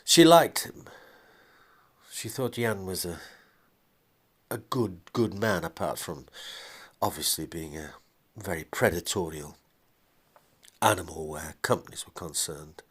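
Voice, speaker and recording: A man with a very low voice reads his own story aloud. He narrates plainly, pausing and restarting phrases as he goes. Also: fairly bright tone, slightly rough.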